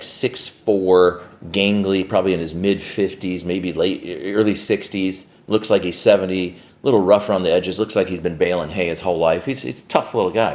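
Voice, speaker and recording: A man who owns a warehouse business, telling a story to camera in a casual way, full of "like" and "right?" and free swearing. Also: sits low.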